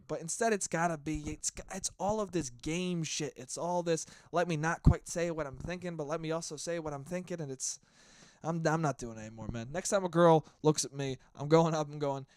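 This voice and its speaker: Here the twenty-something podcaster rants on his own, animated, rambling, and swearing freely in a casual monologue. The pitch is fairly high and the tone clean, with a clean studio sound and no echo.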